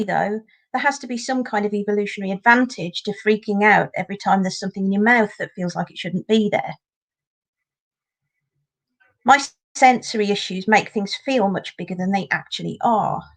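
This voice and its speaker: Dry, sarcastic woman doing stand-up. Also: medium pitch. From northern England. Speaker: stand-up comedian. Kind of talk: deadpan stand-up set. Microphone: home video call.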